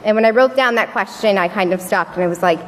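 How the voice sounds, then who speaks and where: A woman's voice: medium pitch, fast. Young woman telling her story in a hall. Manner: storytelling, acting out what people said. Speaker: youth speaker at a church service. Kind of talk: personal story speech. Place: large worship hall. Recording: long reverb of a large hall.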